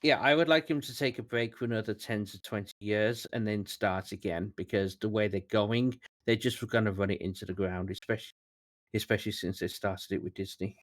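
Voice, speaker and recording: A man's voice: on the low side, steady tone, fairly quick. A man co-hosting a podcast, chatting in a blunt, opinionated way. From Britain. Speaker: podcast co-host. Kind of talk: casual chat.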